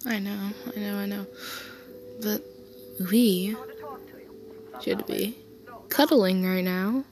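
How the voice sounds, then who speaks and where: A woman voicing an affectionate young man who soothes his partner to sleep in a soft comfort role-play, tender and reassuring. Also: mid-range voice, fairly even intonation, slow, noisy background.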